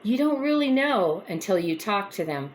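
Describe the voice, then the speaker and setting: Folksy woman host, chatty storytelling, mid-pitched voice, faint hiss behind. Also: moderate pace. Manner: chatty, folksy, animated when retelling. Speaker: host of a faith encouragement vlog. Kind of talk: casual storytelling talk.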